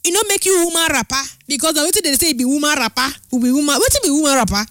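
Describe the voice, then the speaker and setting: High-voiced Nigerian radio host woman. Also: very fast, no room sound. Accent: Nigerian Pidgin. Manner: lively, sing-song, stretches words. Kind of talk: Pidgin radio show chat. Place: radio studio.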